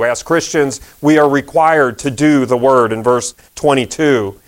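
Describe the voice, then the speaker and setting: A man pastor preaching a sermon in a conversational way, repeating key phrases and using fillers. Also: on the high side.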